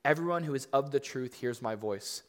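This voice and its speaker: A male pastor preaches in a loose, conversational way, with fillers and restarts, and he lifts his voice to stress key points. His voice has a middle pitch and rings with the long echo of a large hall. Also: fairly quick. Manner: conversational, rising to emphatic points, frequent fillers. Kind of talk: sermon.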